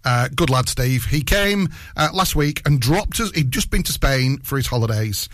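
A man's voice: medium pitch, lively intonation, normal speed, fairly bright tone, no room sound, studio quality. A man co-hosting a radio food show in casual, jokey chat, often laughing. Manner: chatty, jokey, laughs a lot. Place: radio studio.

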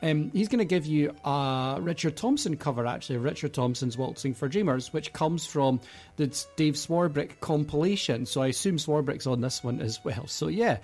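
A man's voice: a little high, lively intonation, moderate pace, a little mellow. Chatty enthusiastic male radio host. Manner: chatty and enthusiastic, rambling asides. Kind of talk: casual radio presenting.

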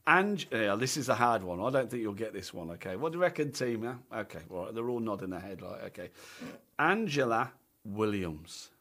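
A man's voice: lowish voice, expressive, fast talker, hardly any pauses, a bit bright. A Scottish man hosting a casual radio chat, talking chattily and tagging his sentences with "okay" and "right?". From Scotland. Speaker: radio show host and drummer.

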